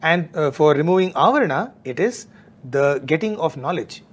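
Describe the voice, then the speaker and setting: A man's voice: a little high, animated, moderate pace. A man in a devotional discussion, explaining spiritual terms step by step. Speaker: devotional talk speaker.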